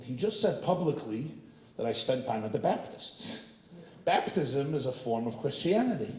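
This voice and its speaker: A man, a rabbi, telling a humorous story to a synagogue audience, animated and joking, with frequent asides to the crowd. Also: on the high side, roomy sound, a little hiss or hum, poor audio. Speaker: rabbi, guest speaker. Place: synagogue hall.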